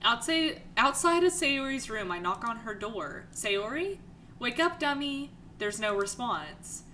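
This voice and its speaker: A woman's voice: on the high side, big pitch swings, a little slow, bright, forceful tone, a little hiss or hum, low-quality recording. A young woman hosting a let's play, reading the game's text aloud between her own reactions.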